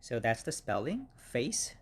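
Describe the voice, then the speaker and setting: A man teaching English vocabulary, speaking slowly and repeating each word several times for learners. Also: medium pitch, lively intonation, a little hiss or hum. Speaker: English instructor. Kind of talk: slow vocabulary lesson.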